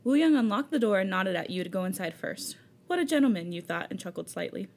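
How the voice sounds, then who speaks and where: A woman's voice: medium pitch, expressive, fast, vocal fry. Woman, podcast co-host, casual read-aloud, giggly. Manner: giggly, breaks into laughter while reading. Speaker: podcast co-host reading fan fiction. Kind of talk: casual reading aloud with banter.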